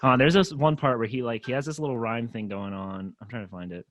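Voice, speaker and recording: A young male co-host, medium-pitched and speaking a little fast, reacts to music in a casual chat. Animated and profane, he mocks rap tracks with plenty of swearing.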